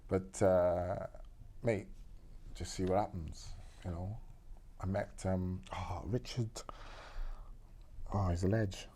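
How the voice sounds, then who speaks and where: A man's voice: deep voice, fairly even intonation, slow pace, long pauses, mellow, slight background noise. A Welsh man talking football as a pundit in a casual, blokey debate. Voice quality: chatty, blokey.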